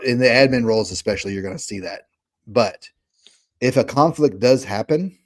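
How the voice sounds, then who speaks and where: A man's voice: on the low side, darkish tone. Southern-drawling man giving earnest advice. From Kentucky. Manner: folksy, earnest, frequent restarts and tag questions. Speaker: podcast co-host. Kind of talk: casual political chat.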